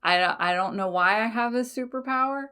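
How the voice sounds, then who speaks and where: A woman's voice: a little high, normal speed, sharp tone, clear, resonant tone. A woman hosting a podcast in a casual solo chat, laughing often, swearing lightly and correcting herself as she goes. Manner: frequent fillers, self-corrections. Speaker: podcast host.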